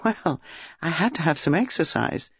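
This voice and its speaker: A man voicing an anxious, apologetic middle-aged woman who speaks softly, in a dull lo-fi recording. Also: sits high, big pitch swings, measured pace, slightly rough, dry recording, pitched above the performer's own voice, heavily acted. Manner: soft, apologetic.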